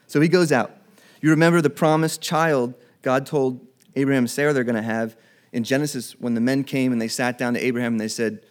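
A man preaching a sermon in a conversational way, acting out Bible dialogue in quick everyday voices. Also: mid-range voice. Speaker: pastor.

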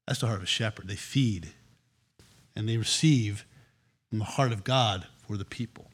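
A man preaching a sermon as pastor, animated, acting out quoted voices with shifts of tone. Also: on the low side, moderate pace, breathy edge.

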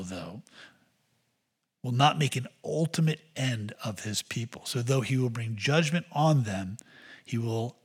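Man, preacher, husky voice, measured sermon with emphatic bursts. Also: medium pitch, a bit bright. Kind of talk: expository sermon.

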